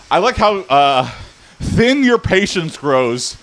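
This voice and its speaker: A man's voice: a little high, sing-song, takes it slowly, a bit bright. A man streaming live, chatting casually and telling loose stories, laughing often.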